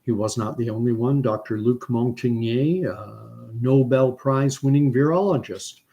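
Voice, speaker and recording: A man's voice: mid-range voice, a little slow, vocal fry, dark tone, rough recording. A man from Canada talking through a rambling, unscripted commentary, stopping often for fillers and restarts. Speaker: commentary channel host.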